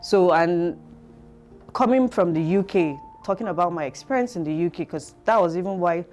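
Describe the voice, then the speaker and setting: A woman with a Nigerian accent, telling her story as an interview guest in a reflective, halting way full of fillers. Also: fairly low pitch, darkish tone, soft background music. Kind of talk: conversational interview.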